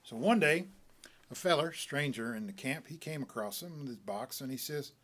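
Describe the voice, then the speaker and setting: A man reading a short story aloud as a folksy, animated tall-tale teller. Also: medium pitch, moderate pace.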